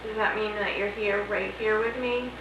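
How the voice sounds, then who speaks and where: A woman investigating a haunted theater who talks in a hushed, nervous way and says she is shivering with cold. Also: medium pitch, fairly even intonation, moderate pace, roomy sound, lo-fi sound, noisy background. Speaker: paranormal investigator. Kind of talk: calling out to spirits, then debriefing. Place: dark old theater.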